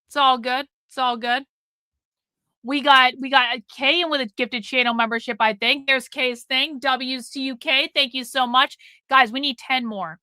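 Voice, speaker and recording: A woman's voice: sits high, fairly even intonation, normal speed, pushed and bright, no room sound. A woman hosting a live stream, chatting casually with viewers in a blunt, profane way and nagging them toward a goal. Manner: profane, blunt, nags the chat.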